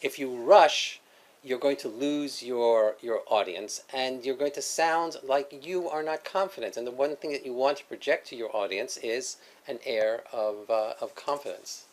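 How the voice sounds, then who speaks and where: A man hosts a talk about teaching. His pitch sits in the middle of the range. He speaks in a loose, halting way, with plenty of ums and self-corrections. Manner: hesitant, many fillers and restarts, laughs often. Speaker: host. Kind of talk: casual educational discussion.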